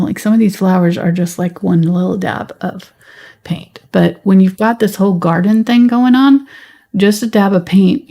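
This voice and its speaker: A woman with a light Southern US accent, teaching a live painting tutorial in a relaxed, chatty way while she paints. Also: on the low side, creaky. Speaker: painting instructor.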